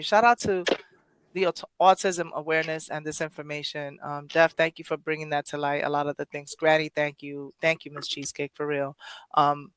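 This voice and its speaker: A podcast host, enthusiastic and quick to interject, leading a casual discussion. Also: mid-range voice, a bit bright, clear, resonant tone, no room sound, rough recording.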